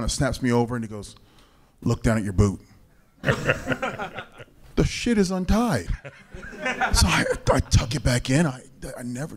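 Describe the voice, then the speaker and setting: A man of ordinary pitch tells a story from the stage of a convention panel. He is animated and acts out the lines of the people in his story. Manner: animated anecdote teller, acts out quotes. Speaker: panel guest, retired wrestler.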